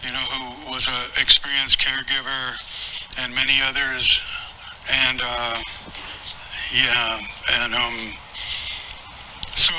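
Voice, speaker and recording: A man speaking at a memorial, reminiscing earnestly in a halting way with many restarts. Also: mid-range voice, noisy background. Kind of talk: memorial tribute talk.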